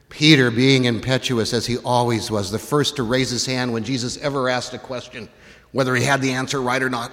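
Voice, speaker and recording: A man preaching a sermon, retelling a story with animated, dramatic delivery. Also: medium pitch, normal speed. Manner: animated storytelling, acts out voices, rises to shouts. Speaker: pastor. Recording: long reverb in a large hall.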